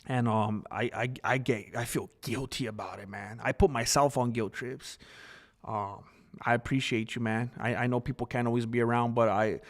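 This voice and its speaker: A man's voice: medium pitch, fairly even intonation. A man hosting a casual live stream and answering viewers' chat earnestly. He often stops and restarts his sentences. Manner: halting, with restarts and fillers; earnest and talkative.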